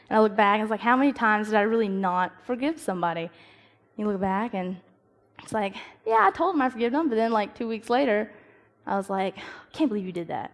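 A young woman giving a casual devotional talk, telling stories and acting out her own thoughts. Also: mid-range voice. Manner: chatty, storytelling, acts out her own inner dialogue. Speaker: youth speaker. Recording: long reverb of a hall.

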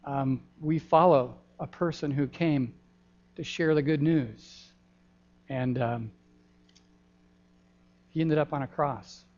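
An older man, a pastor giving a gentle, folksy children's sermon in a church, pausing often with ums. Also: fairly high pitch. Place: church sanctuary. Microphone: handheld microphone. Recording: dull lo-fi church recording.

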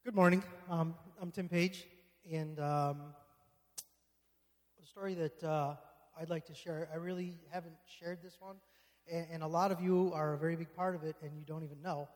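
A man hesitantly beginning a personal testimony in church, with many pauses and fillers. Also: a little high, steady tone, a little mellow. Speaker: congregation member sharing testimony. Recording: echoey hall, distant from mic.

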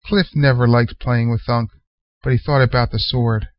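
A man reading a short story aloud in a measured way. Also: medium pitch, fairly even intonation, no echo. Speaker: narrator. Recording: dull lo-fi sound.

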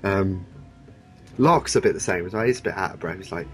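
A man in casual chat about a TV show, talking animatedly and breaking into quick impressions. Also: sits low, soft background music.

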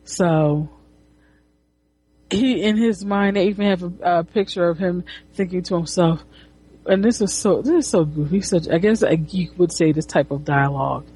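A woman's voice: on the low side, normal speed, mellow, slightly rough. A woman casually retelling a comic book, rambling with restarts and swearing. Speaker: comic reviewer.

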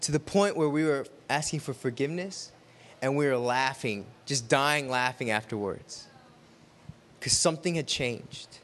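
A man with a fairly high voice delivers a sermon built around a personal story. He talks in a chatty, animated way, slipping into the voices of the people he quotes. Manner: animated, conversational, acts out quotes. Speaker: preacher.

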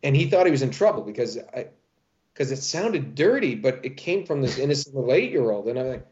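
Middle-aged man as an interview guest, lively storyteller, mid-pitched, dull call audio. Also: brisk. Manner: animated storyteller with many restarts. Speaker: voice actor guest. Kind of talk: interview chat.

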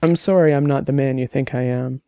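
Audiobook: narrator as a self-effacing male detective, mellow and plain-spoken. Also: a little high, fairly quick, dry recording, lo-fi sound, natural voice. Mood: earnest. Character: awkward, earnest male investigator.

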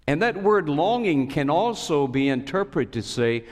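A man preaching a sermon as a pastor, telling a story with expressive swings and sudden high cries. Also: unhurried. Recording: long reverb of a large hall.

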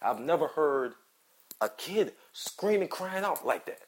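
A man's voice: on the high side, big pitch swings, unhurried. Angry man ranting on his podcast. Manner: heated, profane, repetitive ranting. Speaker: podcast host. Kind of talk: angry solo commentary.

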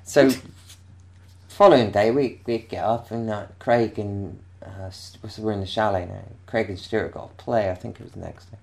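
An Englishman with a very low, gravelly voice spins a long, rambling anecdote at a moderate pace. He keeps interrupting himself, stopping and restarting sentences and breaking into laughter, his speech loose and relaxed like casual chat.

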